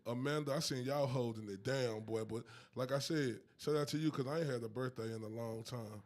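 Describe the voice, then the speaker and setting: A man in his thirties co-hosting a podcast outdoors, animated and laughing often, with colloquial speech. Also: medium pitch, brisk. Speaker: podcast co-host. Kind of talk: casual chat. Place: rooftop outdoors in downtown Dallas.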